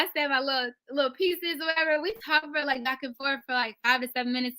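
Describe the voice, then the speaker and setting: A young adult woman, an actress, telling stories in a casual interview. She is animated, acts out quoted lines and uses many fillers. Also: high voice, fast, hardly any pauses. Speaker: actress guest.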